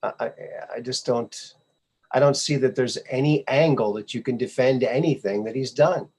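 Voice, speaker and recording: A man's voice: medium pitch, moderate pace, a little mellow, slightly rough. A male podcast host giving casual commentary on memes, sarcastic and scoffing, often repeating his phrases.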